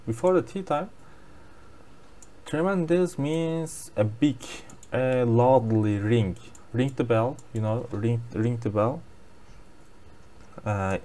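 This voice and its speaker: Slow, halting man explaining a lesson. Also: mid-range voice, darkish tone. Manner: halting non-native English with many fillers. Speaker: language learner sharing daily lessons.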